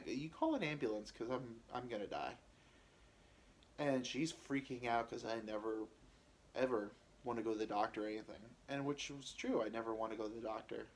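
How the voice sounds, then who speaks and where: Podcaster, male, mid-pitched; halting, rambling first-person storytelling. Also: slight background noise. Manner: rambling, halting, many fillers and restarts. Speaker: podcast host telling his own story.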